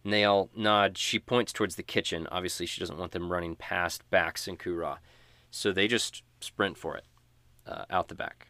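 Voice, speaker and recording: Low-voiced man running a tabletop game. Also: steady tone, moderate pace, bright, forceful tone, no echo. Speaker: game master.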